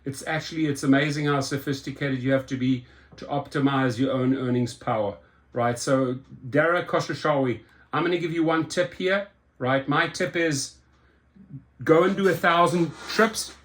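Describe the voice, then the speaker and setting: An exasperated man with a fairly high voice reads a news piece aloud and keeps breaking off to argue with it. His comments are sarcastic and heated, and he often stumbles, repeats and restarts words. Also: normal speed, a bit bright. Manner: indignant, exasperated, with sarcastic asides. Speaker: rideshare commentary host. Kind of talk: reading and reacting to a news article.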